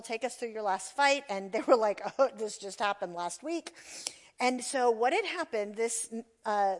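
A woman speaking to an audience, telling an animated story and asking the listeners questions. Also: a little high. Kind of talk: talk to an audience.

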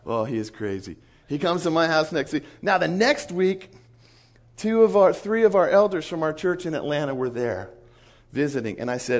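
A man preaching in an animated storytelling sermon, acting out the dialogue of the people in his stories. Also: on the high side, normal speed. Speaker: pastor.

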